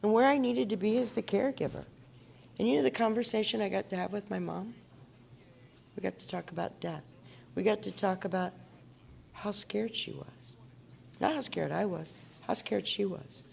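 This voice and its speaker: At a recovery meeting in a meeting hall, an Indiana woman shares her story with an audience, earnest and chatty, and asks them questions. Her mid-range voice is a little mellow with vocal fry, at normal speed with long pauses, and there's a little hiss or hum.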